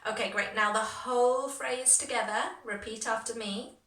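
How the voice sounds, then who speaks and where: A woman leads an English lesson in a bright, slightly high voice, modeling each phrase with clear, exaggerated rises in pitch for learners to repeat. She keeps up a stream of encouragement between the examples. The recording sounds echoey, with her voice set back from the microphone. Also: normal speed. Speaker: English teacher. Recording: echoey room from a distance.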